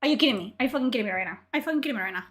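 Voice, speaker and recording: A woman streaming from home goes on a furious, profane rant, repeating lines as her anger builds. Her voice is high and bright, and it leaps wildly up and down in pitch. She sits at a desk mic. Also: expressive, rapid-fire. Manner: furious, swearing, repeats herself. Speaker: streamer reacting to gaming news. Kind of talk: angry livestream rant.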